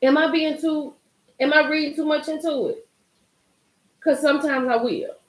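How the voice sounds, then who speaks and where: A young woman hosting a live recap chat, animated and excitable, talking straight to her viewers by name. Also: sits high, moderate pace, echoey room. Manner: animated, gets hyped and loud, talks to chat by name. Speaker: livestream host recapping a reality show.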